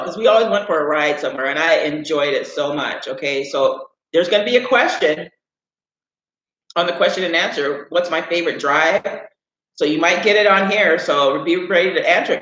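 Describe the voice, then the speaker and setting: On a live stream, an Illinois man whose voice runs high and a bit bright rambles through a story from his childhood, leaning on "anyways" and "right?" often. The casual telling comes through dull-sounding and echoey.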